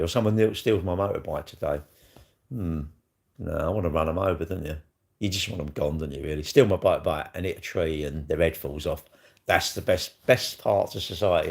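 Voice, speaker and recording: A man's voice: low voice, creaky, a little mellow. A middle-aged man, rambling bluntly and crudely in a casual livestream chat, tossing in tag questions as he answers comments. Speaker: livestream host.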